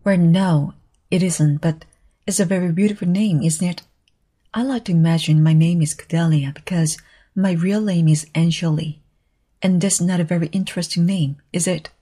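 A woman voicing an eager, imaginative little orphan girl who talks dramatically, in a husky voice. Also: lowish voice, steady tone, moderate pace, mellow. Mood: dreamy. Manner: eager, dramatic, tearful pleading.

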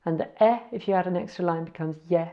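A woman's voice: lowish voice, highs cut off. Chatty woman spelling out letters. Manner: chatty, self-correcting, spells out letters slowly. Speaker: language learner sharing words. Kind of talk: casual spelling-out tutorial.

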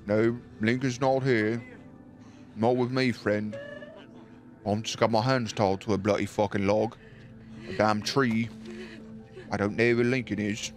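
An unruffled prisoner tied to a log speaks slowly and flatly, as a man puts him on, in an accent that keeps drifting. His voice sits lower than usual and stays level, and he does not hurry. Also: soft background music, lightly acted. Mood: calm deadpan. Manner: unhurried, deadpan, drifting accent.

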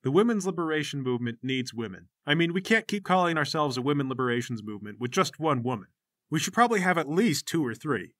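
A man's voice: a little high, expressive, fast talker, a bit bright, no room sound, studio quality. A man voicing a pushy, self-righteous teenage boy who leads a gang and keeps preaching and bossing others around in a tabletop game. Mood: insistent. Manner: insistent, preachy, controlling.

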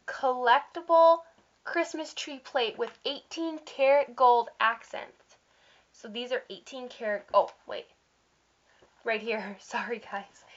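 A woman casually walking through a catalog of holiday items, chatty and gushing, with fillers and little slips. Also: fairly high pitch. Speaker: vlogger showing catalog items. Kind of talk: casual product walkthrough. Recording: dull lo-fi sound.

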